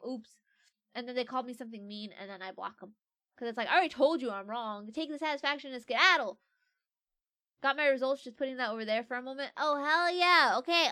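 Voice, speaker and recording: Bright, playful young woman streamer. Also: fairly high pitch, no echo, studio quality. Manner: playful, reads quiz questions aloud and jokes about them. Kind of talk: casual livestream chat.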